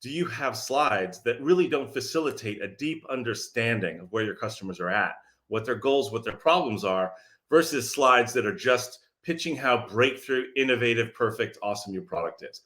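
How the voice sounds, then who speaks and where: A man speaking from his office as a sales messaging coach, energetic and sarcastic, firing questions at his audience. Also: medium pitch, moderate pace. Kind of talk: direct-to-audience pitch.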